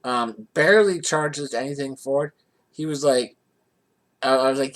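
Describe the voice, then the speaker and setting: A man tells a casual personal story in a rambling way, often restarting his sentences. His voice sits at an ordinary mid pitch. He comes across as an easygoing vlogger. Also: moderate pace, fairly bright tone. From Johnstown area, USA.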